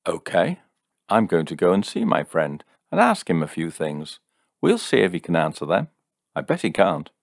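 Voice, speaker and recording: Storybook role: smug boyfriend, teasing skeptic, low raspy voice, man reads it. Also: normal speed, dry recording, clean studio sound, exaggerated voice. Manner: steady, scornful, teasing.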